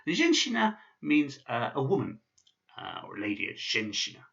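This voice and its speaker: A man's voice: medium pitch, wildly swooping pitch, moderate pace, gravelly, fairly bright tone, highs cut off. A man teaching basic pronunciation in a casual video lesson, with many fillers and restarts. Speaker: language teacher.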